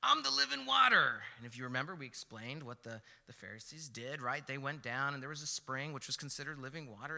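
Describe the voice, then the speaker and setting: A man's voice: mid-range voice, sharp tone. A young man giving a casual, conversational sermon at a young adults service, telling stories with chatty asides. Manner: chatty, storytelling, with many "like" and "right?" asides. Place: church hall. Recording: long hall reverb with faint music.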